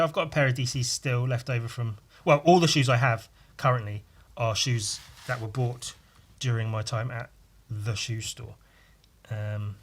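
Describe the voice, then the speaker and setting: A man hosting a podcast, rambling casually with crude, self-mocking humour while he draws. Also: medium pitch. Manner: talks while drawing. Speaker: podcast host.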